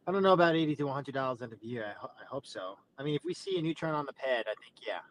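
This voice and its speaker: A man calling in to an online chat, giving quick, tentative opinions. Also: mid-range voice, lively intonation, a little hiss or hum, poor audio. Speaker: caller. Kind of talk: casual conversation. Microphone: online audio call.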